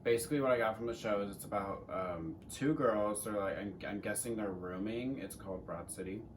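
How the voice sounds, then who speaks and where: A man's voice: lowish voice, a little fast, distant mic, background noise. A teenage man co-hosting a casual Q&A chat, rambling and joking with some swearing. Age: teens. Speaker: co-host.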